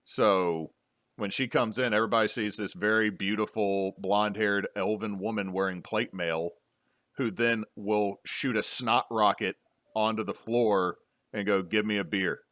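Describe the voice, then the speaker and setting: Brief: male host, lowish voice, rambling chatty delivery, dry close mic. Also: fairly even intonation, unhurried, a bit bright, no room sound. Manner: rambling, frequent restarts and fillers. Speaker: podcast host and game master. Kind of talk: casual panel discussion.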